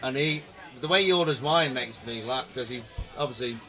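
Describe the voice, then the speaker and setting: A man's voice: mid-range voice, brisk, sharp tone, soft background music. A man in his forties with a northern English accent, a comedian guest bantering and laughing often in a casual chat. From northern England. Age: 40s.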